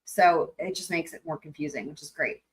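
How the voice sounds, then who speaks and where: A woman's voice: low-pitched, brisk, breathy edge, poor audio. A young woman hosting a live stream, chatting casually and giggling while she talks herself through setting up. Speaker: livestream host.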